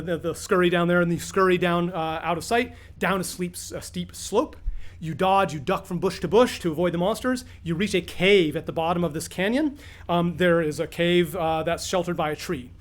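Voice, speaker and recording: A man working as game master and teacher, narrating an adventure for beginners and explaining how the game works, in an animated storyteller manner with fillers and restarts. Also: sits high.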